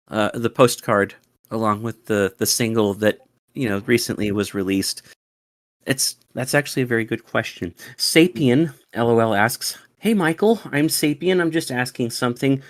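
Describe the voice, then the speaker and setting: A man hosting a fan Q&A, reading questions aloud, eager and excitable, sometimes stumbling over words. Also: fairly low pitch, dry recording, studio quality. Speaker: fan club host. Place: home studio.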